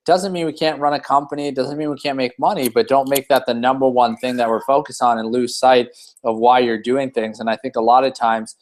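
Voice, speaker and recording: Man in midrange pitch, casual motivational host, rambling and full of restarts. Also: steady tone, brisk. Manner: rambling, many fillers and restarts. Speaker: team leader hosting a weekly hangout.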